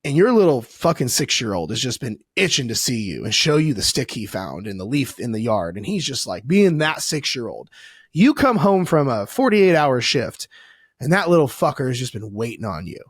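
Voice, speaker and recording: A man talking as a weight loss coach guest on a podcast, animated and profane, acting out little voices as he explains. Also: mid-range voice, moderate pace, breathy edge, no echo, studio quality. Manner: animated, swearing, acts out voices. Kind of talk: casual podcast conversation.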